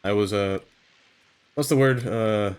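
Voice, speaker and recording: Streamer, male, very low pitch, loose rambling self-talk while gaming. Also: slow pace, darkish tone, clear, resonant tone. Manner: rambling, self-talking, trails off with fillers. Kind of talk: casual live-stream commentary while building.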